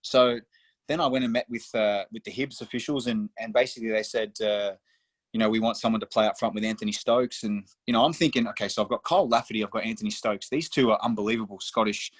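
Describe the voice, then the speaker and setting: Casting note: young man from Australia, low-ish voice, loose storyteller, swears a lot, dry close sound. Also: steady tone, quick pace, husky, no echo. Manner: swears freely, storytelling, says mate often. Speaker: footballer guest. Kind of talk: casual podcast interview.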